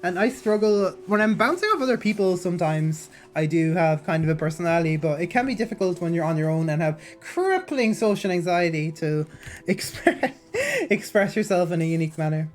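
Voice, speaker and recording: Her voice sits on the low side, with lively intonation and a slightly fast pace. She's a woman streaming, chatting and reading aloud, somewhat nasal and sore-throated, rambling through fillers and restarts. She uses a basic mic, no headset.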